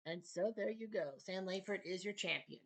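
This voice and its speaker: A man's voice: high voice, moderate pace, creaky, a bit bright. Casual male boxing recap host. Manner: offhand, chatty asides between results.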